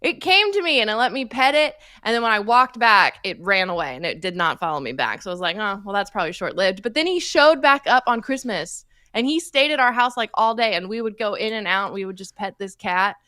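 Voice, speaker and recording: Woman podcast cohost in her 30s, bright voice, dry close sound, chatty and animated. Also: mid-range voice, a little fast, hardly any pauses, dry recording. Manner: animated storytelling, laughs often. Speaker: podcast co-host. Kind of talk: casual chat.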